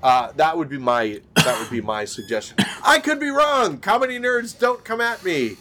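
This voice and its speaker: A man's voice: on the high side, animated, normal speed, sharp tone. A man co-hosting a podcast in casual chat over a video call, rambling with many fillers and restarts. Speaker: podcast co-host.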